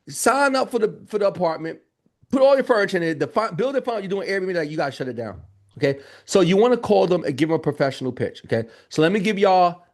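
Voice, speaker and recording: Upbeat, joking male trainer. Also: high voice. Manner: energetic, joking, addresses audience as y'all. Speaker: business trainer. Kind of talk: live training talk.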